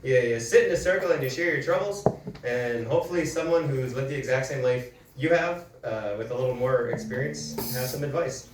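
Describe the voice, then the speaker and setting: A man from Manitoba, Canada, with a mid-range voice, delivers a brisk, self-deprecating stand-up set in a comedy club, laughing through his punchlines. The roomy recording is captured from a distance, with audience noise.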